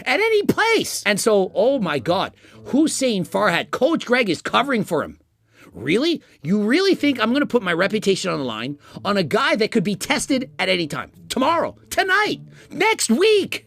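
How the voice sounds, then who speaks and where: High-voiced man ranting indignantly. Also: normal speed, gravelly. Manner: animated, indignant, insistent. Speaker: fitness YouTuber. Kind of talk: defensive vlog rant.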